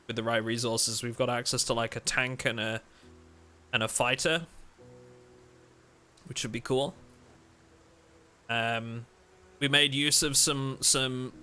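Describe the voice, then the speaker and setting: A man's voice: mid-range voice, pushed and bright, clean tone. A man hosting a game live stream, chatting casually and rambling, joking with his viewers and cutting himself off mid-sentence. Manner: rambling, self-interrupting, joking with chat.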